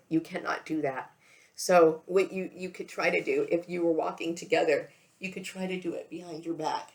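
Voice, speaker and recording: A tearful woman speaks to camera in a personal vlog. Her voice sits very low and crackles with vocal fry. She talks haltingly, doubling back on her words and checking in with an "okay" as she goes. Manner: halting, repeats words, often says okay. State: tearful, emotional. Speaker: vlogger. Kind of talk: emotional personal monologue to camera.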